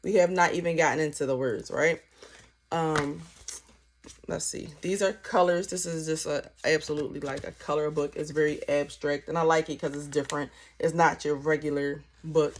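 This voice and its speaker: A woman's voice: low voice, moderate pace, slight background noise. A young woman teaching a parenting class in a casual, chatty way, full of "like" and playfully acted-out questions. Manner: chatty, peppered with "like", acts out questions with lively inflection. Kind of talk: casual instructional talk.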